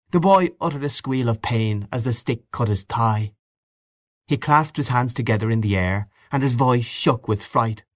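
A man reading a story aloud in a measured, expressive way. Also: on the low side, dry recording, clean studio sound. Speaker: narrator. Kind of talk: audiobook reading.

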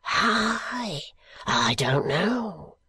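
A man voicing a furtive, sly old male shopkeeper who talks in a hoarse whisper. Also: on the high side, takes it slowly, no echo, exaggerated voice. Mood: secretive.

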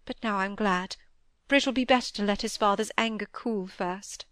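A woman voicing a gentle middle-aged mother, plaintive and soft, tumbling on in distress. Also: medium pitch, normal speed, dry recording, studio quality, natural voice. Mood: anxious. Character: tearful gentle middle-aged mother, anxious for her son.

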